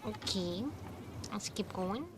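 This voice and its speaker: A woman playing a story game, musing to herself and reading its text aloud, sounding names out haltingly. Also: mid-range voice, noisy background. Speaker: gamer.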